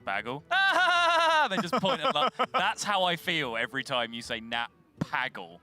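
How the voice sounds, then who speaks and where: A man's voice: fairly high pitch, sing-song, normal speed, bright, forceful tone, faint music behind. A man with an English accent casting a live card-game match, self-mocking and chatty. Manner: self-mocking, laughs at his own jokes. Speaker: esports caster. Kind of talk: live game commentary, joking banter.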